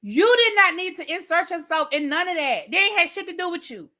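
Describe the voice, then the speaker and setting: A woman with a high, bright voice delivers a live TV review as a heated rant. She swears freely and hammers her points through repetition. She talks slangily, calling her viewers y'all and baby. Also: lively intonation, brisk. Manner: heated, profane, repetitive ranting. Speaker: TV show reviewer.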